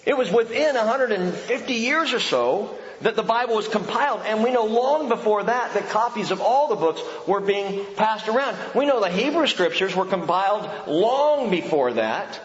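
A man's voice: sits high, lively intonation, moderate pace, few pauses. A man, a pastor and Bible teacher, preaching a sermon in a conversational, emphatic way with rhetorical questions. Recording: echoey hall, dull lo-fi sound.

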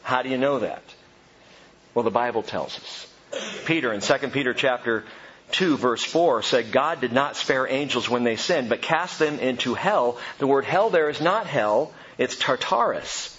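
A man preaching a sermon, animated, calling his listeners "gang" and explaining scripture. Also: mid-range voice, normal speed, lo-fi sound, a little hiss or hum. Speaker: pastor.

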